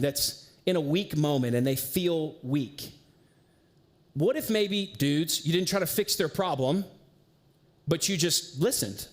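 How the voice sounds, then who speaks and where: A man preaching a sermon as pastor, in a casual, conversational way with slang and lively storytelling. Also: sits high. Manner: animated storyteller.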